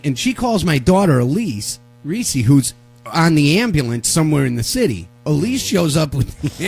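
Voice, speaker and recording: A man telling a long story on a live talk show, acting out the voices of the people in it. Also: a little high. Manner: animated, acts out the voices of people in his story. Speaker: radio show co-host.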